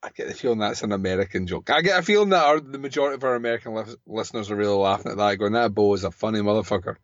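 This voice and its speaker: A man bantering on a podcast, his pitch swinging widely as he teases and jokes. The sound is dry and a little dull, like a lo-fi mic. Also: animated, dry recording. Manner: quick, teasing banter with lots of laughter. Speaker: podcast co-host. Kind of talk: casual chat.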